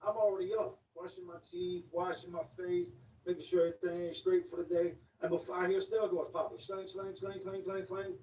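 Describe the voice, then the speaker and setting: A man's voice: high-pitched, little pitch movement, fairly quick, darkish tone. A man telling a first-person story in blunt street slang, casually acting out the voices of the people in it. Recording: echoey room, mic at a distance, faint background noise.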